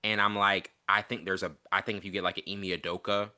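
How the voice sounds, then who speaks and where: A man chats as a guest on a sports podcast, quick and animated, often acting out what people might say. His voice is lowish and very bright. He rushes through his points. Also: clear, resonant tone. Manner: rapid, animated, quotes imagined speech. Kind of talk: casual sports podcast chat.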